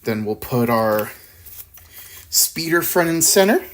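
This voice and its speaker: A woman's voice: rumbling low, lively intonation, slow, slight background noise. A woman hosting a casual miniature painting tutorial, laid-back and thinking aloud, with frequent chuckles. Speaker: miniature painting channel host.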